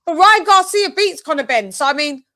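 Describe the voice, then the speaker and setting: A woman's voice: very high-pitched, expressive, brisk, bright, forceful tone. A woman hosting a casual podcast chat, blunt and swearing freely. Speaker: host.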